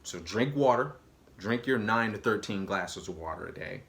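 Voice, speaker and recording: A man's voice: on the low side, animated, normal speed, vocal fry, a bit bright. A man talking straight to camera on his own channel in a casual, slangy, emphatic way. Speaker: vlogger. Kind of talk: casual direct-to-camera talk.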